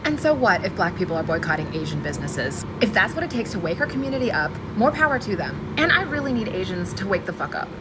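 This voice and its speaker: A woman's voice: mid-range voice, big pitch swings, quick pace, hardly any pauses, very noisy. A woman giving an emphatic, frustrated vlog monologue as a social media commentator.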